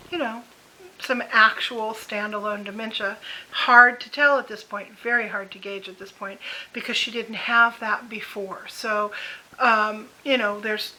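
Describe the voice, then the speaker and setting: A woman's voice: medium pitch, pushed and bright, a little hiss or hum, rough recording. A woman in her fifties telling a candid vlog story about caring for her mother, frank, swearing freely and laughing as she rants.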